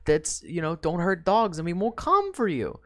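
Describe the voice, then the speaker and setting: A woman voicing a breezy, upbeat male villain leader who smooths things over in casual, swearing speech. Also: fairly low pitch, big pitch swings, moderate pace, voice pushed up. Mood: placating.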